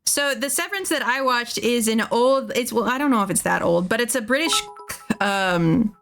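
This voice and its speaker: A woman's voice: a little high, expressive, moderate pace, gravelly, a bit bright, soft background music. A woman streaming casually, rambling and laughing often as she draws and chats. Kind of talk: casual chat while drawing.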